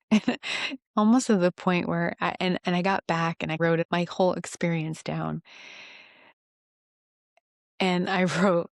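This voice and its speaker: A woman giving a rambling, earnest faith testimony, self-deprecating and quick to laugh at herself. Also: lowish voice, fairly even intonation, creaky, no echo, studio quality. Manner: halting restarts when emotional. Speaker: Christian devotional vlogger.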